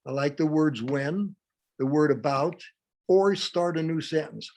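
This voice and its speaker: A man's voice: fairly high pitch, unhurried, a little mellow. A man presenting a live workshop, teaching through humorous everyday anecdotes.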